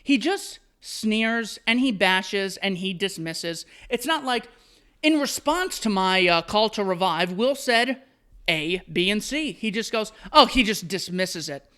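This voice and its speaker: A man's voice: high-pitched, expressive, measured pace, bright, forceful tone, clear, resonant tone. A man hosting solo commentary, reading out an article and answering it with sarcastic, mocking asides. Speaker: commentary host.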